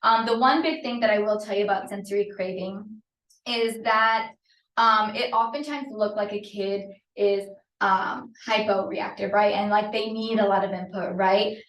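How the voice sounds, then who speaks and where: A woman occupational therapist talks parents through a lesson in a relaxed, conversational way, dotting her points with "um" and "right?". Her voice sits at an ordinary middle pitch. It sounds picked up from some distance in a reverberant room. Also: normal speed. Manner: conversational, often checks in with "right?"; frequent "um" fillers. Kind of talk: informal teaching presentation. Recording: roomy, from a distance.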